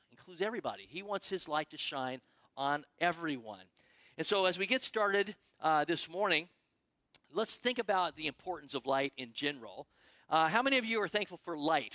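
Male pastor, conversational sermon delivery, slightly high and bright, emphatic with restarts. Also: no echo. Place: church sanctuary.

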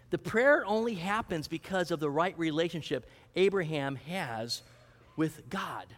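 High-pitched male pastor, chatty sermon, lots of questions back at the crowd, long reverb. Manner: conversational, asks questions and answers them; acts out prayers and a mock auction.

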